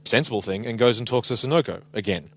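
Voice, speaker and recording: A man's voice: mid-range voice, quick pace. A man with an Australian accent co-hosting a casual podcast, sarcastic and emphatic, swearing freely. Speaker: podcast co-host. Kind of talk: casual chat.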